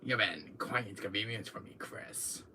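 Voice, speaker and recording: A man doing an impression of a cold, menacing male villain in sunglasses, talking slowly, low and quietly. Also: slight background noise. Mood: cold menace. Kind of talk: amateur impression of a game villain.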